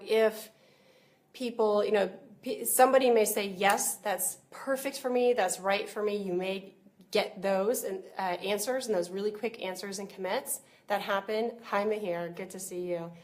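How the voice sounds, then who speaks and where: A woman business coach giving a casual live-streamed training, chatty and full of fillers like "you know.". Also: medium pitch. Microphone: computer or webcam mic.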